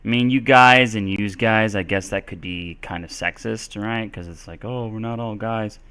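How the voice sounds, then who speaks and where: A man's voice: fairly low pitch, normal speed, pushed and bright, smooth. A man from the United States teaching English in a casual live-stream Q&A, rambling and correcting himself as he talks. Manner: rambling, self-correcting, chatty.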